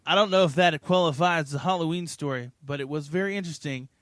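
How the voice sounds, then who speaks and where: A man's voice: on the high side, fast, fairly bright tone, dry recording, clean studio sound. A man co-hosting a podcast, cracking sarcastic, profane jokes in casual banter. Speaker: podcast co-host.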